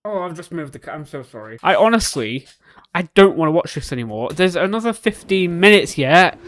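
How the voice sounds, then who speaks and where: A man hosting a reaction video, excitable, swinging between shouts and mutters as he reacts to a series. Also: fairly high pitch, a little fast.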